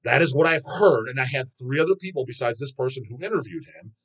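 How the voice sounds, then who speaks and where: A man's voice: medium pitch, animated, quick pace, fairly bright tone. A man hosting his own channel, reading viewer comments aloud and answering them in a rambling, profane way, laughing often. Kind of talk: casual chat.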